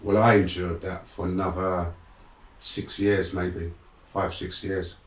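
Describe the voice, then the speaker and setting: A middle-aged man speaks slowly in a low voice, sounding far from the mic in an echoey room. He's a guest and motivational speaker telling his life story candidly and in a streetwise way, frank throughout and animated when he re-enacts moments.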